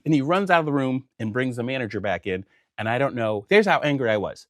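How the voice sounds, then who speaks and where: A man, a comedian and guest, telling a story in a casual, animated way. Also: medium pitch, quick pace, no echo, clean studio sound. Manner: animated, lively.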